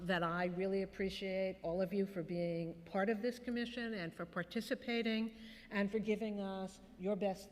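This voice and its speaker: A woman chairing a public commission meeting, introducing members in a gracious, lightly humorous way. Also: on the low side. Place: public meeting in a city hall chamber. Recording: long reverb in a large chamber.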